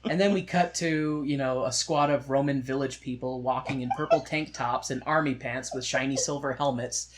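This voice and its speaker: A man's voice: mid-range voice, steady tone, moderate pace, few pauses, a little hiss or hum. A man co-hosting a podcast, chatting casually about musicals in a joking, sarcastic way, telling stories full of asides. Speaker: podcast co-host. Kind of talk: casual chat reviewing musicals.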